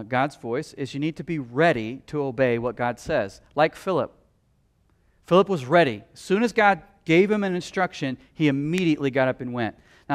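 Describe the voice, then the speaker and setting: A middle-aged man preaching a sermon, lively and acting out the inner voices of the people in his stories. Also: a little high. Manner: animated, acts out quoted inner voices. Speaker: pastor.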